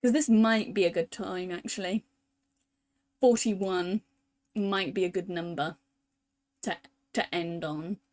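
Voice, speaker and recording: A young woman from the UK chatting casually as a streamer while playing a visual novel, thinking out loud in a self-deprecating way. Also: fairly low pitch, steady tone, slow pace, long pauses. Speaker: VTuber streamer.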